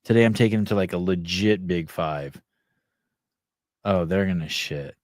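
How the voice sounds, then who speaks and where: A middle-aged man talks in a loose, rambling way, swearing freely as he tells a story and reads comments aloud. His voice sits on the lower side. The sound is dry and close, with no room around it. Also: normal speed, a little mellow, no echo. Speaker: podcast host. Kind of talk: casual profane storytelling chat.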